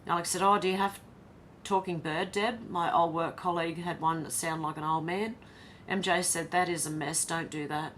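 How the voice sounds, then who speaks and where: On a casual livestream, an Australian woman reads out viewer comments and chats back in between. Her voice sits fairly low and a bit bright, with a steady tone at normal speed, and a faint hiss or hum runs under it.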